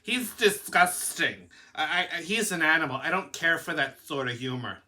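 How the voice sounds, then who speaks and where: A prissy, disapproving woman sniffs at crude humor in a bright, pinched tone, as a man mocks her in his monologue. She sounds prim and huffy, and a little higher than a plain man's voice. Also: animated, moderate pace. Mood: disdainful.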